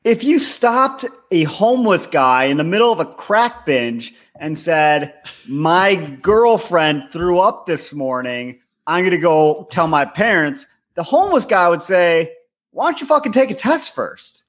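A podcast co-host talking bluntly and with lots of profanity. His voice sits a little high, and the chat stays casual. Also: animated, unhurried.

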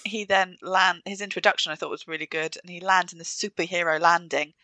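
A woman's voice: lowish voice, steady tone, a little fast, bright, forceful tone, no room sound. A woman co-hosting a podcast in casual chat, giving enthusiastic commentary. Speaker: podcast co-host.

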